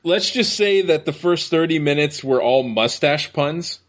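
A man's voice: a little high, expressive, measured pace. A man hosting a podcast, ranting about movies in crude, exasperated casual chat.

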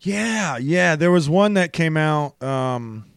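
A man's voice: a little high, slow, vocal fry, clean tone, no room sound, clean studio sound. A man, co-hosting a podcast, joking around in casual banter. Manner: joking, animated, trails off into laughs. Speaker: podcast co-host.

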